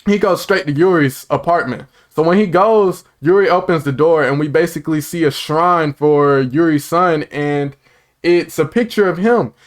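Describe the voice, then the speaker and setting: A man casually recapping and reviewing a TV episode, rambling and excitable, with lots of filler words and side comments. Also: a little high, normal speed.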